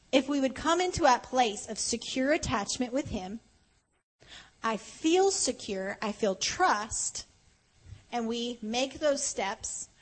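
A woman preaching a conversational sermon at a conference, earnest and animated, slowing down to stress key points. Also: fairly high pitch, poor audio. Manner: earnest, animated, often slows for emphasis. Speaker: conference speaker.

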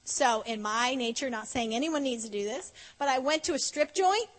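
Speaking at a conference, a woman preaches in a playful, conversational way, laughing as she acts out small exchanges. Her high voice is animated and her pace moderate, while the hall adds a long reverb.

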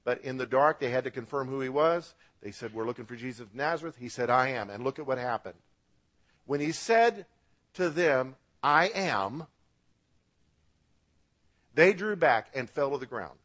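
A man's voice: medium pitch, animated, unhurried, long pauses, fairly bright tone. A man preaching a radio sermon as pastor, with emphatic rises and drops, asking the congregation to repeat words after him.

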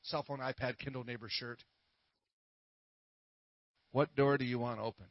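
A man's voice: mid-range voice, fairly even intonation, measured pace, dry recording, lo-fi sound. A middle-aged man, preaching a sermon with prayers, full of playful corny jokes. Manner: playful, corny jokes and laughs at his own puns.

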